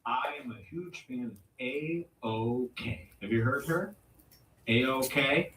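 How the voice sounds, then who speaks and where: A man hosting a comedy show and delivering a provocative, mock-serious rant with dramatic pauses. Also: medium pitch, fairly bright tone, slight background noise. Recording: roomy echo, distant mic.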